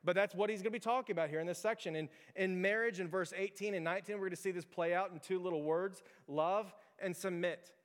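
Fast-talking pastor in an echoey hall. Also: male voice, sits high, steady tone, smooth. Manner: conversational, storytelling, lots of fillers. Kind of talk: sermon.

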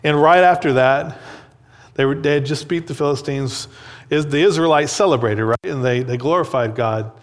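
Bible teacher with a long echo. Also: male voice, a little high, moderate pace. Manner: conversational, checks in with "okay?" and "right?"; repeats words while thinking. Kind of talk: Bible lesson.

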